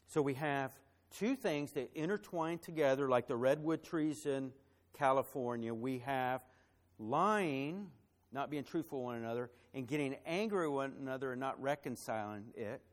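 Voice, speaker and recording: A man preaching a sermon as pastor, building to loud emphatic phrases and dropping soft for a personal story, with some fillers and repeated words. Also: medium pitch, lively intonation, normal speed.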